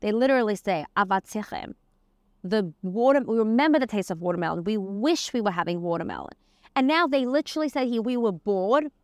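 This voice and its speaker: A Torah teacher gives a casual spoken lesson on the weekly portion, working Hebrew terms and verses into her explanation. Her voice is medium in pitch with lively intonation, and she talks fast. The recording is clean studio sound with no room sound.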